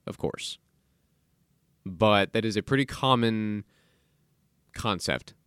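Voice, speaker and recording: A man's voice: fairly low pitch, no room sound. A man hosting a solo podcast in a studio, talking casually and sarcastically, ranting and mock-quoting people. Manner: animated, sarcastic, rants and mock-quotes people. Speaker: podcast host. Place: recording studio.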